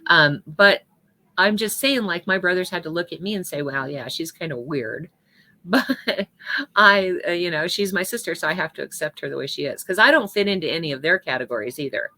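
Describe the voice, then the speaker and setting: A woman's voice: fairly low pitch, a little fast, pushed and bright. A woman giving a spiritual talk, telling a personal story in a conversational, personal way.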